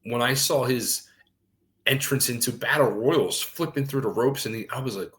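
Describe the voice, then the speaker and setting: A man's voice: mid-range voice, normal speed, low-quality recording. A middle-aged man telling stories as a guest on a talk show, swearing freely and acting out what others said. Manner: animated, swears freely, acts out quotes. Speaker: guest, former wrestler. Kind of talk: casual storytelling.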